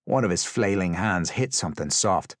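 An audiobook narrator with a low-pitched voice reads a tense story aloud at a moderate pace, his intonation lively and his storytelling intense and vivid. It's scripted dramatic narration in clean studio sound with no room echo.

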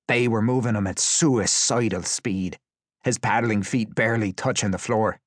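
A man's voice: fairly low pitch, moderate pace, dry recording, clean studio sound. A man reading a tense story aloud as an audiobook narrator, with intense, vivid storytelling. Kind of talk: scripted dramatic narration.

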